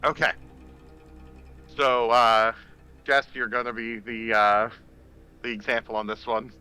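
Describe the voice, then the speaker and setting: A man running a tabletop game as game master, describing scenes and calling for rolls in a relaxed way, with frequent pauses. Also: mid-range voice, smooth, poor audio. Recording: faint music behind.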